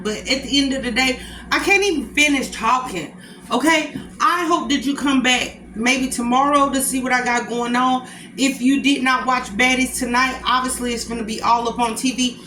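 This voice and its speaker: A woman chatting casually with her viewers from home as a cooking vlogger, addressing them directly and warmly as a group. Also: on the high side, reverberant, noisy background. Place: at home while eating a meal.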